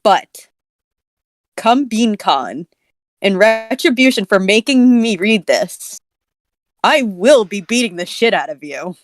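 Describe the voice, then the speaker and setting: A woman in casual joking chat with friends, teasing them and quick to laugh. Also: mid-range voice, lively intonation, no echo. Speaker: co-host reading a story aloud with friends.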